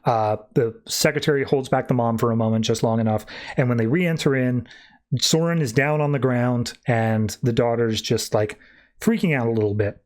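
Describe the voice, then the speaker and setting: A man talks through a comic's plot as a podcast host, in a relaxed and chatty manner. His voice sits at an ordinary middle pitch, and he keeps dropping "like" as he retells the story. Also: normal speed. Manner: chatty retelling, often says "like". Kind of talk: casual comic book recap.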